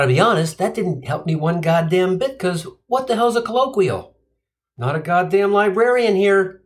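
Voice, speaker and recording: Sardonic, profane male comic, lively pitch. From Cincinnati, USA. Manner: sardonic, profane, punchline-driven. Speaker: stand-up comedian. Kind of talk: comic monologue.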